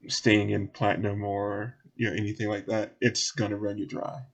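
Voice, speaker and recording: A man's voice: lowish voice, little pitch movement, moderate pace. A man with a Southern US accent, narrating casually as game master and laughing between lines.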